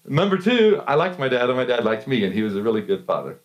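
A middle-aged man preaches a sermon in a mid-range voice. He tells personal stories, laughs often between phrases, and swings his pitch up and down as he speaks. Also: quick pace, highs cut off. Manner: storytelling with frequent laughs and lively pitch swings. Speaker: pastor.

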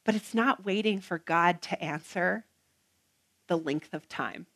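A woman preaching a sermon, earnest and emphatic, with rhythmic repetition and some soft, hushed passages. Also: fairly low pitch, measured pace.

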